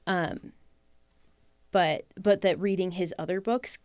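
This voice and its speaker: Female guest, lowish voice, measured and halting, dry close sound. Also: fairly even intonation, a little mellow, no room sound. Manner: measured, with frequent "um" pauses. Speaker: book club guest. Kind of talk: reflective discussion.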